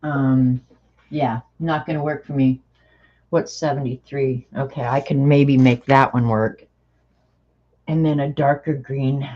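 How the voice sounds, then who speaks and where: A woman's voice: a bass voice, steady tone, measured pace, mellow. A woman hosting a craft video, telling rambling stories and laughing often. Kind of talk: chatty storytelling while coloring. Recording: dull lo-fi recording.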